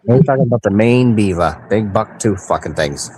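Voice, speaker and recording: A man's voice: on the low side, lively intonation, moderate pace, background noise. A man from Maine with a Maine accent, joking and swearing heavily in casual banter. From Maine, USA. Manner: joking, heavy swearing, laughs often. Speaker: host.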